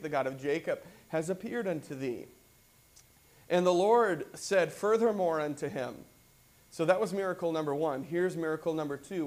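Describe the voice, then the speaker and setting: A male pastor preaching a sermon, reading scripture aloud and then speaking with growing excitement. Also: fairly high pitch. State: repeatedly clearing throat and coughing.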